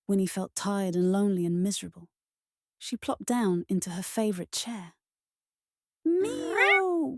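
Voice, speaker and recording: A woman narrating a children's storybook in a gentle, measured read-aloud manner. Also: medium pitch, no echo, clean studio sound.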